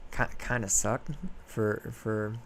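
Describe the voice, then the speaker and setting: Male podcast host, animated, rambling retelling of a myth. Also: fairly low pitch, slow, a little hiss or hum. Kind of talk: casual storytelling chat.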